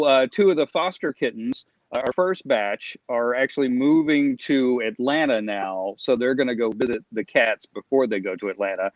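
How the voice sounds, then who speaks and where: A man from Alabama chatting casually on a video call, an animated storyteller who jumps into playful voices. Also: medium pitch, no echo. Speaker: guest, former theme park ride skipper. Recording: dull lo-fi call audio.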